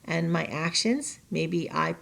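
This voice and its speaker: A woman's voice: low voice, slow, vocal fry, fairly bright tone. A woman teacher talking students through a recorded online lesson. She speaks in a chatty way, uses personal examples, often restarts her sentences and checks in with "right?" and "okay?". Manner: chatty, checks in with tag questions.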